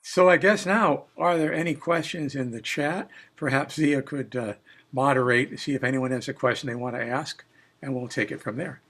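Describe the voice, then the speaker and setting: An older man who is a storyteller, talking calmly and briefly as he guides a webinar over a video call. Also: medium pitch, normal speed. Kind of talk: casual webinar talk.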